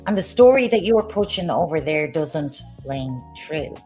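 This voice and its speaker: A woman's voice: sits low, lively intonation, moderate pace, warm tone, soft background music. A woman ranting on a livestream in a combative, sarcastic way, swearing as she talks. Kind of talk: heated livestream rant.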